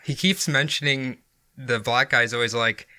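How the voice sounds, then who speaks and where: A man co-hosting a podcast, retelling movie scenes in a giggly, animated way. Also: medium pitch, moderate pace, clear, resonant tone. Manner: giggly, animated storytelling with acted quotes. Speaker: podcast co-host. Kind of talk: casual chat.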